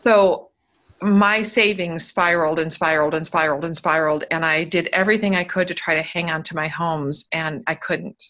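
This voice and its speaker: A woman in her fifties recounts her life on a video call from home, her voice bright and a little low. She talks candidly and often restarts her sentences. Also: fairly even intonation, moderate pace, rough recording. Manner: open, candid storytelling with many restarts. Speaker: guest. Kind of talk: interview over video call. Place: home room.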